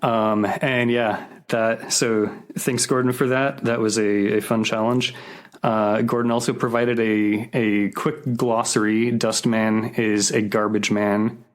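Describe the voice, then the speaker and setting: A man co-hosting a podcast in casual chat, unhurried and a little hesitant as he explains slang terms. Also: on the low side, level tone. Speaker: podcast co-host.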